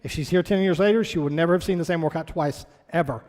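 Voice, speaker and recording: A man's voice: fairly high pitch, fast talker, darkish tone, big-room sound. A man working as a fitness trainer, giving a blunt, motivational orientation talk to a class in his studio. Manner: blunt, motivational, talks straight to the group.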